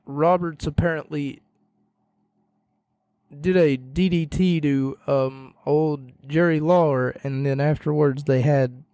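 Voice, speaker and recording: Man, slightly hoarse, rambling podcast chat, fairly high voice. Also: a little mellow, no echo. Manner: rambling, self-correcting, jokey. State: slightly hoarse, losing his voice. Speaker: podcast host.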